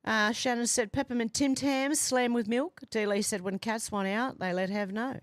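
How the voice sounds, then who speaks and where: A woman's voice: on the high side, moderate pace, no room sound. Woman, livestream host, reading chat comments aloud, amused chatty delivery, dry close sound. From Australia. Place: home, doors and windows open.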